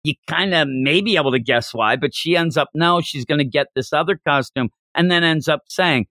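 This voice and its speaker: A man's voice: on the high side, brisk, few pauses, no room sound. A man hosting a manga podcast, talking casually and rambling while acting out lines. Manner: rambling, animated, acts out quotes. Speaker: podcast host.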